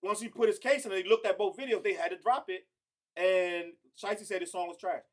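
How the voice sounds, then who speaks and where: A man hosting a hip hop debate podcast, talking quickly and building his case with long lists of names. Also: sits high, steady tone. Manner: talks fast and builds his argument with many names.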